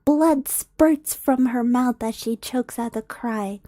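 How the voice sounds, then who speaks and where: A young woman streamer reading a fan story aloud, softly and often whispered, with giggly asides, on a close mic. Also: on the high side, slow, no room sound.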